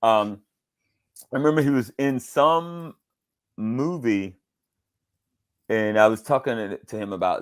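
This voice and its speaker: A middle-aged man from Georgia, a voice actor being interviewed, telling animated stories and acting out quotes in different voices. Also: medium pitch, unhurried, pauses often. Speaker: voice actor guest. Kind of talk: casual interview storytelling.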